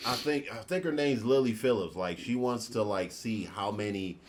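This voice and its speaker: A man's voice: lowish voice, normal speed, slight background noise. A man hosting a podcast in casual chat, full of crude joking banter.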